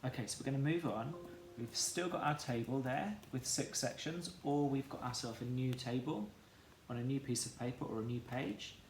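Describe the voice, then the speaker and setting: A man teaching a children's phonics lesson, sounding out words slowly and clearly, syllable by syllable. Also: medium pitch, a little hiss or hum. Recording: echoey room with faint ambience.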